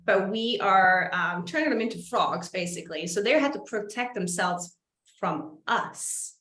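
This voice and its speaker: A woman's voice: medium pitch, expressive, a little slow, fairly bright tone. Woman host, enthusiastic and chatty, recorded in a reverberant room. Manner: enthusiastic, chatty, laughs often. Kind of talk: conversational interview. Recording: echoey room.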